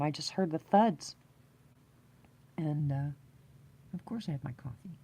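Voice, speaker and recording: A woman spins a long story in casual live chat, circling back with fillers and restarts and breaking into laughter. Her voice sits low and dark, with a soft, mellow tone. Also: normal speed, long pauses. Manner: rambling, laughs often, many fillers and restarts.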